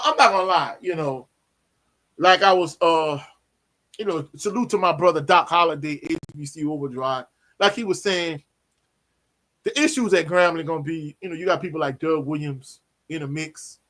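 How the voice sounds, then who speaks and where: A man, hosting a casual live sports Q&A, animated and slangy, often tagging on "you know what I'm saying". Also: a little high. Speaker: sports talk host.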